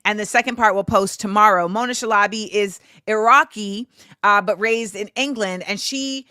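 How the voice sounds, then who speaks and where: A woman hosting a casual live-stream chat, animated and playful, slipping into voices and laughter. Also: medium pitch, normal speed, dry recording, clean studio sound. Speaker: host.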